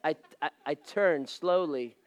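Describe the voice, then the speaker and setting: A man in his thirties, a pastor, telling a humorous story from the pulpit, self-mocking and animated. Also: a little high, slow pace, muffled recording, a faint crowd.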